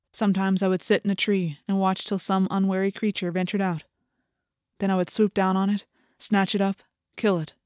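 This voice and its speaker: A woman's voice: mid-range voice, a little mellow, no room sound, clean studio sound. A woman narrating an audiobook in the first person, telling the story with intense, dramatic delivery.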